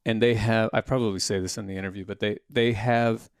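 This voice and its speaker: A man's voice: lowish voice, steady tone, fairly quick, smooth, no room sound, clean studio sound. A man in his thirties co-hosting a casual podcast, chatting in a playful, joking way. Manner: playful, joking banter with laughs. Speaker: podcast co-host. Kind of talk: casual chat.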